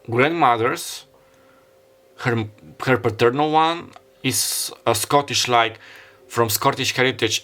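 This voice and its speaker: A man's voice: mid-range voice, bright, forceful tone. A man who is not a native English speaker gives a casual tarot reading, rambling and hesitant, often stopping to apologize and correct himself. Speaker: tarot reader.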